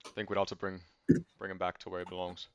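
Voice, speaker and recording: A man playing a tabletop game, talking in a calm, hesitant, mumbled way over lo-fi call audio. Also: low-pitched, fast, clear, resonant tone. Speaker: player. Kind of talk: casual chat while playing a tabletop game.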